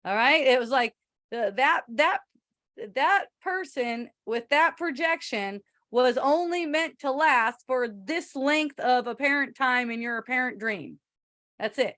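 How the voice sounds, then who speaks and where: A woman with a high voice gives casual spiritual talk to a listener. She rambles, swears offhandedly and laughs easily. The sound is dry, with no room echo. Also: expressive, measured pace, pushed and bright. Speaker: spiritual teacher answering a listener.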